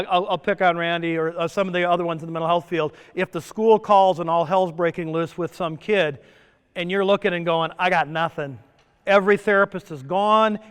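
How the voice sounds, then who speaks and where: A man's voice: high-pitched, fairly bright tone, clear, resonant tone. A middle-aged man giving a joking conference talk as a presenter, often asking the audience questions. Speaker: presenter at a stress summit. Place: resort conference room. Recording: long reverb of a conference hall.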